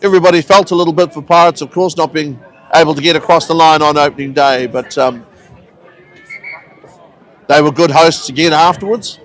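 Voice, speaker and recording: A man giving relaxed, chatty live commentary on a local rugby match, with friendly asides between the plays. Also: on the high side, a little fast, pauses often, poor audio. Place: outdoors at a rugby ground.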